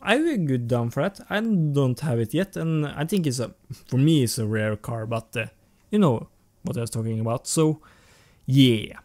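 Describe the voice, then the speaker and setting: Halting man commenting on a race game. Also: mid-range voice, expressive, a little mellow. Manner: rambling, halting, with frequent restarts and self-talk. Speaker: gaming channel host. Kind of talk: casual racing game commentary. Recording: game music playing over the voice.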